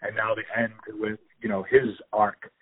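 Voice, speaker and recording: A man's voice: lowish voice, little pitch movement, moderate pace, breathy edge. A man in casual talk about a movie, enthusiastic and rambling, with many fillers and restarts. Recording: tinny phone-like audio.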